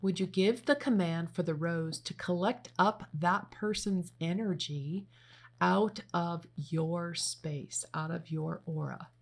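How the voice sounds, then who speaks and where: Low gravelly-voiced woman guiding meditation. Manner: slow, gentle spoken instructions. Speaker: meditation leader. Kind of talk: guided meditation.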